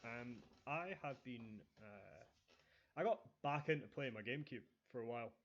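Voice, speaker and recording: Telling stories on a casual podcast, this Scottish co-host speaks in a relaxed way with plenty of fillers like um and uh. His mid-range voice moves at a moderate pace, and the audio is dull and lo-fi.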